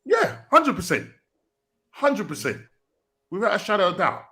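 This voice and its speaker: A man chats casually about football on a podcast. His voice sits a little high for a man, and his delivery is chatty, with quick back-and-forth fillers. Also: huge pitch swings, pushed and bright, husky. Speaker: podcast co-host.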